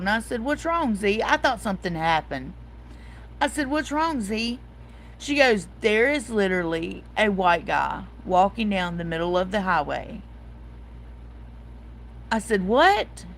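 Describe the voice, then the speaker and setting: Slow-talking woman hosting a chat. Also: medium pitch, a little hiss or hum, poor audio. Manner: chatty storytelling, reading viewer comments aloud. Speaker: host. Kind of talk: casual livestream chat.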